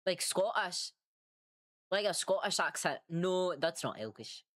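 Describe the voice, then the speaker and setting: Speaking at a measured pace in a fairly low, animated voice, an artist streamer chats while she draws. She rambles and pokes fun at herself, curses freely and comes across as tired.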